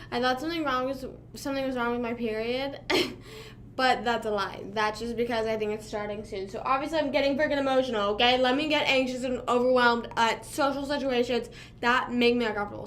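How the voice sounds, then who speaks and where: Rambling young woman livestreamer, high voice. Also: steady tone, fairly quick, a bit bright, slight background noise. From Pennsylvania. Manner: rambling, filler-heavy, self-deprecating. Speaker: livestream host. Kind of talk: casual chat with live viewers.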